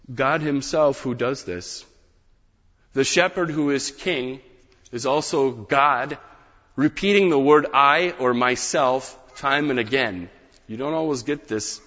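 Emphatic male preacher in a reverberant hall. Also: medium pitch. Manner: emphatic, rising on key phrases and dropping to quiet asides. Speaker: pastor. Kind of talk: sermon. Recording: dull reverberant hall sound.

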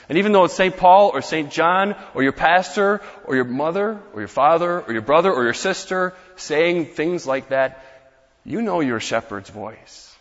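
A young male pastor delivering a sermon, earnest and building to emphatic rhetorical questions. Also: on the high side. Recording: muffled, echoey church hall.

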